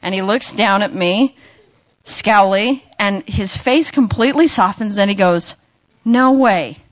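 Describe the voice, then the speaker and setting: A woman's voice: mid-range voice, a little slow, no echo, lo-fi sound. A young woman giving a personal testimony in church, chatty and self-mocking, laughing often and acting out her own lines. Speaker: church member sharing a testimony.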